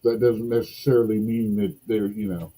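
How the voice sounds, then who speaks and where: A man's voice: on the low side, fairly even intonation, moderate pace, warm tone, rough recording. A man co-hosting a casual podcast, correcting his partner in a dry, matter-of-fact way. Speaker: podcast co-host. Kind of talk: casual chat.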